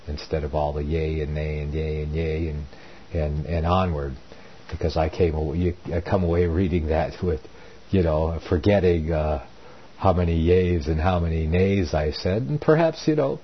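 Deep, husky male Bible host, folksy and rambling, dull lo-fi sound. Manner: rambling, self-correcting, folksy. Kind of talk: informal Bible reading and commentary. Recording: dull lo-fi recording.

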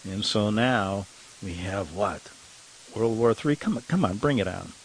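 An older man with a somewhat low voice hosts a talk radio show. He rambles from one point to the next in a sarcastic, offhand way, chuckling at his own jokes. A slight cough hangs on him. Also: unhurried, slight background noise, rough recording. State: has a cough.

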